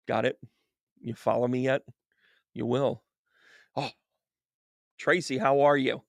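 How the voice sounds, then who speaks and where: A man working as a psychic medium, reading tarot cards on a live stream and chatting with viewers. He is animated and chummy, often laughing and calling people by name. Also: medium pitch, takes it slowly, gravelly, pauses often, no room sound, studio quality.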